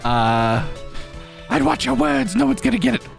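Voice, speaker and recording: A vain old gossip who scolds the young and never stops talking, put on by a man. Her voice sits high and swings widely. There is a faint bed of game music behind her. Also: huge pitch swings, normal speed, vocal fry, heavily acted. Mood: haughty, rambling. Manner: scolding, rambling, haughty. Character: pushy gossiping old woman, vain and rude.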